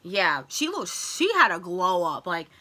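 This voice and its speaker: A young woman vlogging a casual film review, retelling scenes with lots of fillers and rising into excited outbursts. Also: measured pace. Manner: excited retelling with many fillers, voice jumps high when worked up. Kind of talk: casual chat.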